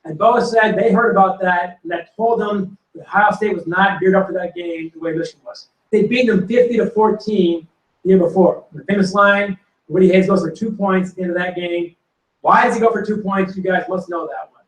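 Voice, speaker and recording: A man telling animated football stories to an audience and acting out quotes and punchlines. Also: high voice, brisk. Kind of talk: storytelling to a live audience. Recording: roomy hall recording from a distance.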